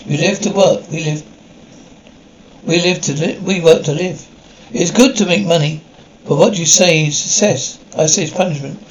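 An actor with a French accent playing a blunt, sardonic coworker in a scripted drama, lecturing frankly. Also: male voice, on the high side, moderate pace, a little hiss or hum, natural voice, low-quality recording. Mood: teasing lecture. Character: blunt, sardonic male French office worker. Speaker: office coworker.

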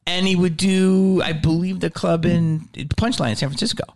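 A middle-aged man from Philadelphia hosting a podcast, telling stories in an animated, profane way and slipping into quick impressions of other people. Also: high-pitched, gravelly. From Philadelphia, USA. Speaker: podcast host. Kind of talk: casual comedy-shop chat.

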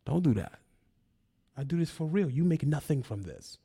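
A man's voice: a little high, big pitch swings, moderate pace, dark tone, breathy edge. A man on a video channel ranting at a rival, taunting and confrontational, with mocking laughs. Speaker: YouTuber. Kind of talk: heated rant at a rival.

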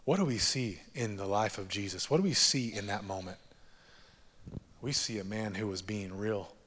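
A man preaching a sermon as pastor, animated and jokey, repeating key phrases for emphasis. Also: fairly low pitch, normal speed, big-room sound.

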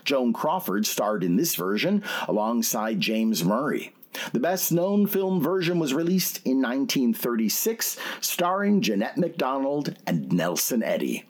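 Narrator man, husky, lively pitch, informative read. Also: unhurried. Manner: even, informative reading. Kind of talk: scripted narration.

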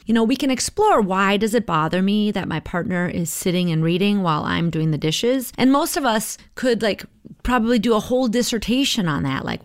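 A middle-aged woman talks through her coaching ideas in a relaxed podcast monologue. Her manner is conversational and reflective, and she checks in with listeners as she goes. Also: medium pitch, normal speed, dry recording, clean studio sound. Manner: conversational, reflective, tags with "right?".

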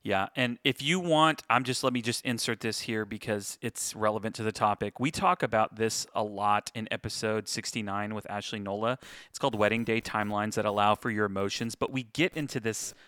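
A man's voice: lowish voice, fairly even intonation, fairly quick, a bit bright, no echo. A man co-hosting a casual podcast chat, telling stories from his work as a wedding photographer. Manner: chatty, storytelling, says "dude".

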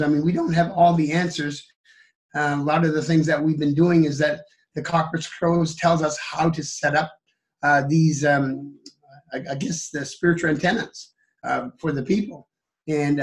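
An older man with a hoarse, fading voice speaking in a casual interview, halting and full of fillers and restarts. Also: on the high side. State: losing his voice, coughing. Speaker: guest, elder and teacher.

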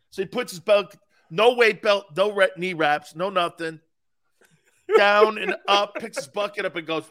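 A man with a bright, fairly high voice co-hosts a sports talk show. He tells old workout stories with excitement, laughing and doing exaggerated impressions. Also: moderate pace. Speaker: co-host, former football player. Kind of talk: casual sports talk storytelling. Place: podcast studio.

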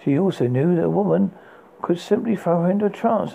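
A man's voice: high-pitched, a little fast, creaky, warm tone, slight background noise, low-quality recording. A man reading a fairy tale aloud, unpolished, often stumbling and restarting words. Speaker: narrator. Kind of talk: storybook reading.

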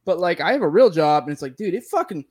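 A man's voice: high voice, expressive, fast talker, darkish tone. A man who served in the military, rambling through casual, profane podcast talk full of fillers. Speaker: military veteran, podcast co-talker.

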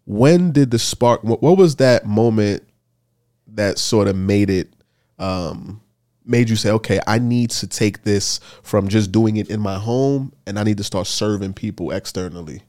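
A man's voice: fairly low pitch, unhurried. Informal, encouraging male host. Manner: informal, encouraging, lively interjections. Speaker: podcast host. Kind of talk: casual interview chat.

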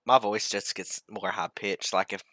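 A man's voice: on the low side, moderate pace. A man co-hosting a podcast, joking animatedly in casual chat. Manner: animated, jokey. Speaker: podcast co-host.

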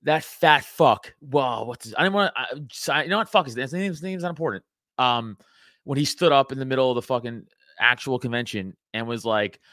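A man hosting a podcast, talking bluntly and profanely and acting out quoted people in animated asides. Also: medium pitch, moderate pace, no echo. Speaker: podcast host. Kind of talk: casual podcast chat.

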